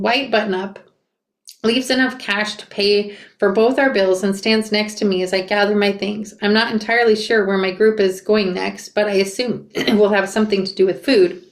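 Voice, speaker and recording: A woman reading a memoir aloud and breaking off for quick asides and self-corrections. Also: medium pitch. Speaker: reader reacting to a memoir. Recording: roomy echo.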